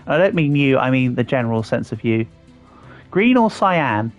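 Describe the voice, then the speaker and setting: A man's voice: mid-range voice, very animated, normal speed, soft background music. Chatty English man streaming. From England. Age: 30s. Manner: chatty, answers viewers' comments as he works. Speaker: livestreamer. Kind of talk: casual live-stream chat while building in a game.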